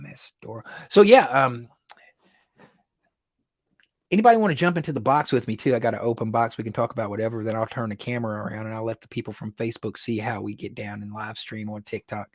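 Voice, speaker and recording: A man hosting a casual livestream, telling stories in an excitable way, laughing often and repeating words when worked up. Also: fairly low pitch, a little fast, creaky, breathy edge, no room sound, clean studio sound. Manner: animated, excitable storytelling with frequent laughs. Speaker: livestream host.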